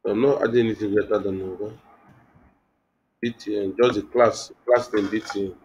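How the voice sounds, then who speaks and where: A man's voice: fairly low pitch, fairly even intonation, normal speed, a little mellow, a little hiss or hum, rough recording. A young man teaching web design in a live online class, thinking aloud with many restarts and fillers. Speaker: web development instructor.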